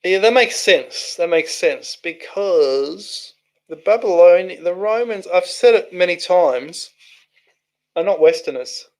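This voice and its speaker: A man with a slightly higher voice hosts a casual livestream. He reads viewer comments aloud and answers them in a loose, rambling way, often restarting his sentences. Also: expressive, slow pace, darkish tone. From Australia. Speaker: livestream host reading chat. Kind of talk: casual live chat.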